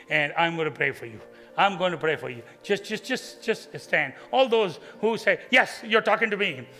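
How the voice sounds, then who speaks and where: A man preaching an altar call, pleading with listeners to stand and repent, then praying over them, swinging between fervent bursts and hushed prayer. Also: a little high, in a large hall.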